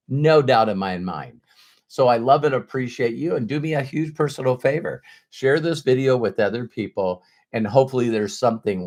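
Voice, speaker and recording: A middle-aged man speaking as a motivational speaker, earnest and emphatic, at a mid-range pitch. He often restarts and repeats words as he pushes his point. The delivery is heartfelt and direct. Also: darkish tone. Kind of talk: motivational talk to camera.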